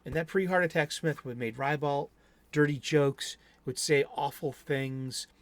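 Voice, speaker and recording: A man hosting his own horror movie channel, talking through a film in a loose, rambling way. His voice sits a little high for a man, and the sound is close and dry with no room around it. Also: a little slow, no echo. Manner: rambling, with restarts and asides. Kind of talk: casual movie review monologue.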